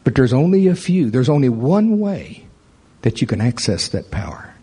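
Pastor, man, mid-range husky voice, conversational sermon delivery. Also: mid-range voice, normal speed. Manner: conversational preaching, rising animated toward the end.

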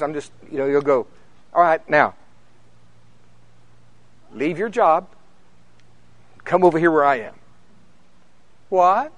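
In a dry recording, a middle-aged man with a slightly high voice preaches to a congregation. His storytelling is animated, he laughs often, and he acts out the voices of the people he describes.

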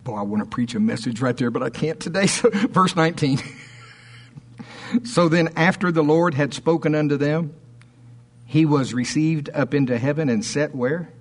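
A man preaching a fervent sermon, reading scripture aloud and slowing down to stress key words. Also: fairly high pitch.

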